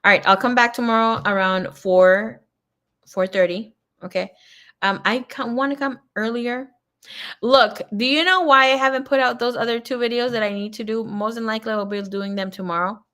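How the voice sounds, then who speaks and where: A woman's voice: a little high, steady tone, moderate pace, fairly bright tone, clean tone. A woman tarot reader chatting casually on a livestream, telling rambling stories full of swearing and laughter. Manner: chatty, profane storytelling; laughs often.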